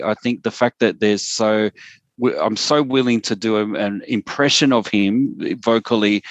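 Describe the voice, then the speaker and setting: A man hosts a casual sports podcast, musing aloud in a rambling, easygoing way. His voice sits low, and the sound is dry and close with no room echo. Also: muffled recording. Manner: chatty, rambling, reflective. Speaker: podcast host.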